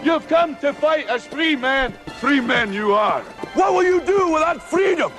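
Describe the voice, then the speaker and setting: A man's voice: very high voice, lively intonation, a little slow, soft background music, heavily acted. A man with a Scottish accent playing a defiant rebel leader, giving a rousing speech to an army in a film clip. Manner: rousing, building to shouts. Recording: film clip under orchestral score.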